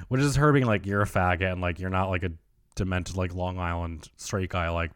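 Chatty man with a lowish voice. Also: fairly even intonation, brisk, clean tone, no room sound, clean studio sound. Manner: chatty, heavy on "like", campy slang. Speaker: podcast host. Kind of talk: casual solo storytelling.

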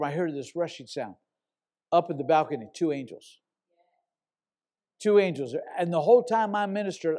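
An older man preaching with a voice pitched a little above the usual for men. He tells his story in a loose, conversational way, then suddenly climbs into loud, emphatic shouts. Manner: animated storyteller, bursts into loud shouts when quoting himself. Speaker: pastor. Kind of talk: sermon storytelling.

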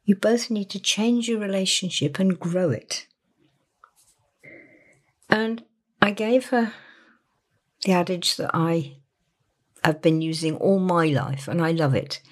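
Woman coach talking softly and earnestly, lowish voice, goes almost whispery on the big points. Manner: gentle, earnest, slows and softens into near-whispers for emphasis. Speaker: therapist or coach. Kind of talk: reflective monologue about a client session.

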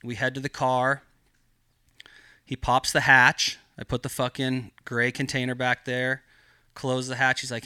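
A man's voice: mid-range voice, monotone, unhurried, pushed and bright, smooth, no echo, studio quality. A man guesting on a podcast, telling a story in casual style with heavy swearing and lots of rambling filler. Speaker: podcast guest, cannabis grower.

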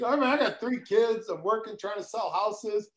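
A man's voice: high voice, moderate pace, slight background noise, poor audio. A man as a guest on a casual video call, easygoing and hesitant with many fillers. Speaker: guest, former ballplayer. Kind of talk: casual interview chat.

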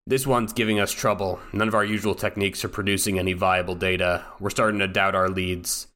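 A gruff, blunt soldier interrogator put on by a man with a lowish voice. He talks in a casual, clipped military way, as in a spoken tabletop game. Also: level tone, a little fast, a bit bright. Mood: brusque.

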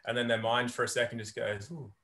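A male guest on a podcast talks in a relaxed, reflective way and often tells anecdotes. He coaches people and speaks conversationally at a middle pitch. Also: quick pace. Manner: storytelling, reflective.

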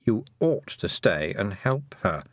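A man's voice: fairly low pitch, big pitch swings, slow, no echo, exaggerated voice. A man doing a sarcastic, drawling toad. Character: sarcastic, dry-witted talking toad. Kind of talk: audiobook character voice.

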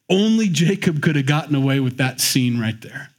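A man's voice: mid-range voice, normal speed. A man teaching the Bible in a conversational, joking way, acting out the scenes as he goes. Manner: animated, joking storyteller who acts out the scenes.

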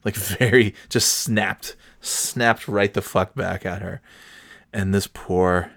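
A man's voice: sits low, steady tone, slow, a bit bright, no echo, studio quality. A middle-aged man telling a story in a casual, profane and exasperated rant, full of restarts and sarcastic asides.

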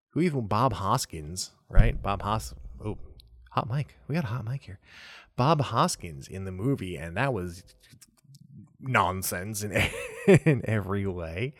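A low-voiced young man talks through gaming news alone on his podcast. His delivery is loose and chatty, full of restarts and self-amused asides. The sound is close and dry, with no room around it. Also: no room sound. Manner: relaxed and chatty, trails off and restarts, chuckles at himself. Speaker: podcast host. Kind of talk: solo casual gaming news chat.

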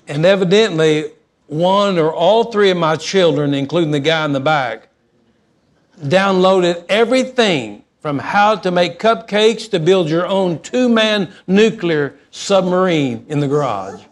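Middle-aged man, folksy pastor, slightly high voice, animated storytelling sermon. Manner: folksy, animated, shifts between fast asides and slow emphasis.

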